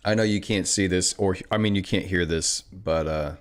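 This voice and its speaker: A man's voice: low-pitched, moderate pace. A man hosting a trading live stream, chatting casually and reading viewer comments in a rambling, offhand way. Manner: rambling, offhand, self-correcting.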